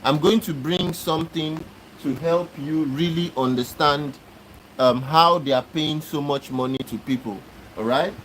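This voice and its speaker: On a live stream, the male host fires back at commenters, lecturing over and over with clear exasperation. He speaks unhurriedly in a somewhat high, fairly bright voice, and the audio is poor with slight background noise.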